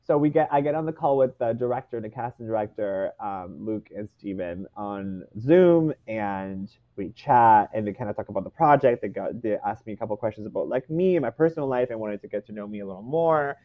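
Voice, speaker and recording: A man's voice: fairly low pitch, animated, fairly quick, hardly any pauses, no room sound, phone-quality sound. A young man from Canada, a stage actor, chatting casually and telling a story animatedly while acting out the dialogue. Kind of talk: casual chat.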